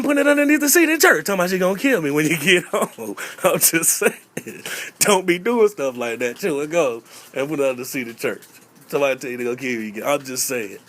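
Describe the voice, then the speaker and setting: A North Carolina comedian with a somewhat high, slightly bright voice tells stand-up stories about growing up in church. He's playful, acts out little voices, and keeps coming back to his catchphrase "I'm just saying."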